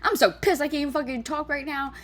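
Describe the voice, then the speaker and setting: A woman's voice: high voice, steady tone, fast. A woman chatting casually as she reacts to a video clip, exclaiming and laughing between remarks.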